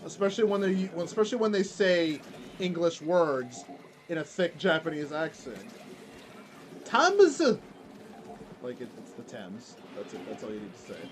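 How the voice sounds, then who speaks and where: A man's voice: a little high, a little fast, a little hiss or hum. A man streaming and chatting casually while he plays a game, rambling with lots of fillers and restarts. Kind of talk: casual chat while gaming.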